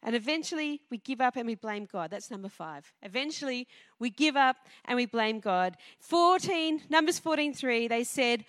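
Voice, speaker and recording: A woman delivers a sermon in a high, light voice, lively and conversational as she puts questions to her congregation. The sound is close and dry, with little room around it. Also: moderate pace, dry recording. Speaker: preacher. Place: church before a congregation.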